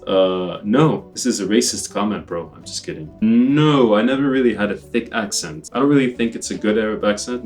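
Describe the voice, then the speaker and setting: Fast-talking joking young man, low voice. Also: a little mellow. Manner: fast, joking, drops "bro" and "right?" often. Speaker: YouTube musician answering viewer questions. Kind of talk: casual Q&A chat. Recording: distant mic with faint music.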